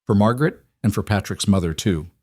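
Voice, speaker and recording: A man's voice: on the low side, a little fast, no echo, studio quality, natural voice. A man voicing a determined young frontier woman who speaks steadily and defiantly. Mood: firm. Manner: steady, firm, quietly defiant.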